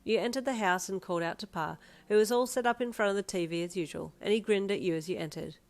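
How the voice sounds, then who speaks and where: A woman reading a fan story aloud in the second person, telling it at a steady storytelling pace. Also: medium pitch, quick pace, faint music behind. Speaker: story reader.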